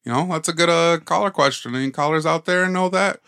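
A man's voice: fairly high pitch, vocal fry, a bit bright, clear, resonant tone, no echo, studio quality. A man co-hosting a podcast, reacting with short joking remarks in casual chat. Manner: quick reactive quips. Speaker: podcast co-host.

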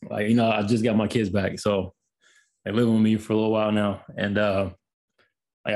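A man's voice: lowish voice, a little mellow. A man co-hosting a podcast, chatting in a laid-back way and laughing easily. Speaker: podcast co-host. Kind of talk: casual chat.

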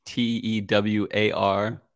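A relaxed man in his thirties chats on a podcast in a slightly low voice. He jokes easily and fills pauses with "um." The sound is dry and close. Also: clear, resonant tone, no room sound. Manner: laid-back, joking, many fillers. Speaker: podcast co-host. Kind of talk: casual chat.

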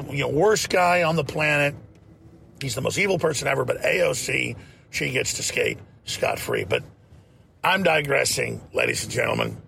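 A man's voice: mid-range voice, gravelly, pushed and bright, slight background noise. A man hosting a talk show, delivering fiery, emphatic and mocking political commentary.

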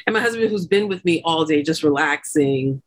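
A woman guest on a podcast, telling her own story in a chatty, laughing way and acting out the people she quotes with loud, high bursts. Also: animated, a little fast. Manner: chatty, laughing often, many fillers like "like" and "you know". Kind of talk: animated birth story told in casual chat.

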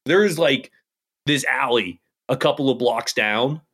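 Guy cohost on a gaming podcast, chatty, says like a lot, mid pitch. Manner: animated storyteller, lots of "like". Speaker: podcast co-host. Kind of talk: casual gaming podcast chat.

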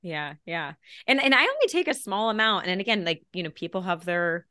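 A woman's voice: on the low side, big pitch swings, brisk, pushed and bright, no echo, clean studio sound. A woman guest on a podcast, speaking bluntly and casually, often laughing. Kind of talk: casual conversational interview.

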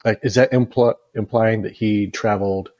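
A man's voice: fairly low pitch, steady tone, normal speed, a little mellow, no echo, dull audio. A man on a casual book podcast, asking hesitant questions with many fillers. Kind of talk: casual book-club chat.

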